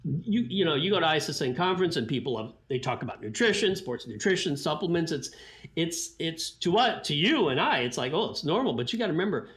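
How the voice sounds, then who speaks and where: A middle-aged man speaks as a podcast guest, swinging his somewhat high voice widely up and down. He laughs often and acts out the lines of people in his stories. His talk is loose and storytelling. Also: quick pace. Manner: animated, laughing, acts out quotes. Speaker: guest scientist.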